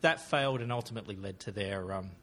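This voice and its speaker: A man's voice: lowish voice, quick pace, fairly bright tone. Chatty man hosting a quiz. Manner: chatty, laughing, trails off and restarts. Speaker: quiz host. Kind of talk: casual podcast chat.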